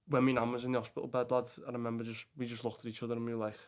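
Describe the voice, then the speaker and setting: Rambling Scouse lad, flat monotone. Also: male voice, medium pitch, fast. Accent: Liverpool Scouse. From England. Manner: rambling, heavy with fillers and swearing, says "lad" often. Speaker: podcast guest. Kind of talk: casual chat.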